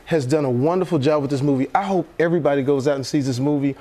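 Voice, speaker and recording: Man guest from Texas, slightly high voice, lively storyteller who laughs and restarts a lot. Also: rapid-fire. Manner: animated storyteller, laughs often, many restarts. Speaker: actor guest. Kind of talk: casual chat on a morning TV show.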